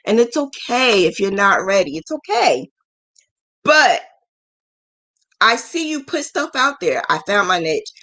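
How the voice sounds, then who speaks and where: A woman hosting a live business mentoring stream, frank and emotional, acting out quoted voices with big jumps in pitch. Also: sing-song, slow, pauses often, pushed and bright. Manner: frank, emotional, scolding yet affectionate. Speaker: business mentor and crochet channel host.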